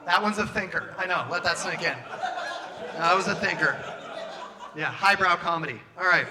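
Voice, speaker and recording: A young man doing a stand-up comedy set, animated and acting out scenes in put-on voices on a club stage. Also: sits high, moderate pace, a crowd in the background.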